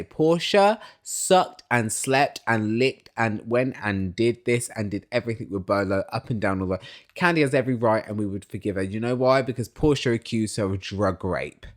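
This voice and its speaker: A man recapping a reality show in casual commentary, opinionated and swearing, mimicking cast members and dropping from loud outbursts to quiet asides. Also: lowish voice. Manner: swings between loud excited bursts and quiet asides.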